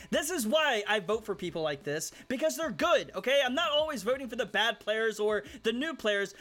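A man commenting on his own video game match, swinging between low muttering and loud shouts at the other players. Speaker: gaming YouTuber hosting hide and seek. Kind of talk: excited gameplay commentary.

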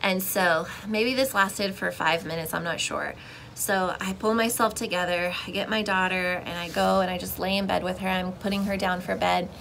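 A young woman sharing a personal faith testimony in casual, expressive storytelling, with emotional swings and frequent restarts. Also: fairly low pitch, moderate pace, gravelly, a little hiss or hum, low-quality recording.

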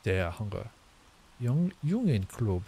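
A man's voice: on the low side, sing-song, takes it slowly, creaky, warm tone, husky. A man thinking aloud as he practices a language he is learning, guessing at words and correcting himself as he sounds them out. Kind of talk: casual think-aloud commentary.

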